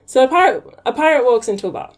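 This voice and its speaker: A woman's voice: on the high side, sing-song, fast. A woman guest in a casual chat who tells jokes playfully. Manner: playful joke-teller.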